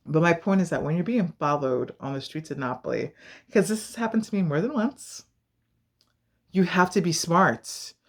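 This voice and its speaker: A woman's voice: lowish voice, moderate pace. An American woman giving advice in a casual vlog, telling stories in an emphatic, direct way and acting out the voices of the people she quotes. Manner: animated storyteller, acts out quoted voices.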